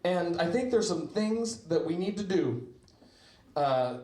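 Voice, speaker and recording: High-voiced man doing stand-up in a club. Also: lively intonation, slow. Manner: loose, rambling delivery with sudden shouted bits. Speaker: stand-up comedian. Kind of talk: stand-up comedy set. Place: small comedy club. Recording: echoey club room with crowd laughter. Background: audience laughter.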